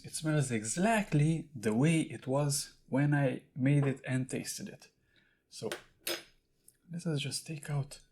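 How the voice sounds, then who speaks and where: A man's voice: mid-range voice, darkish tone, a little hiss or hum. A man talking casually to camera in a food tasting vlog, explaining and eating as he goes. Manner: chatty, talks while eating and handling jars. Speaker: food vlogger.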